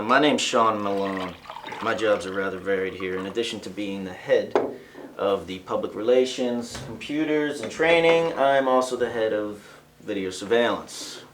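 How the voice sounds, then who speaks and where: A man's voice: medium pitch, echoey room, a little hiss or hum, close to an everyday voice. An actor playing a self-important office training manager who boasts about his many jobs. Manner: pompous, boastful.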